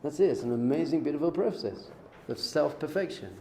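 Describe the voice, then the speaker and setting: A middle-aged man, a rabbi teaching an informal Torah class, lively and joking, acting out little dialogues. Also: fairly high pitch, fairly quick, vocal fry. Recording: echoey room with faint noise.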